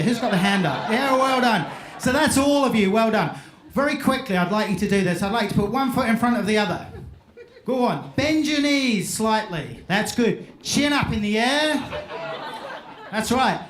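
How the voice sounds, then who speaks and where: A man giving a playful storytelling talk on stage at a live event, acting out the quotes. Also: high-pitched. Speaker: event speaker. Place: live event hall with audience. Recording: echoey live hall recording.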